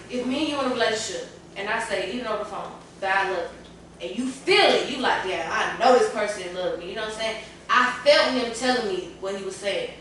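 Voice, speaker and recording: Woman guest, emotional and candid, sitting back from the mic in a roomy space with steady background noise. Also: medium pitch. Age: adult parent. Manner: candid, tearful at times, colloquial. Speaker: podcast panel guest. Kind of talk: emotional casual panel talk. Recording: echoey room, far from the mic, clear room noise.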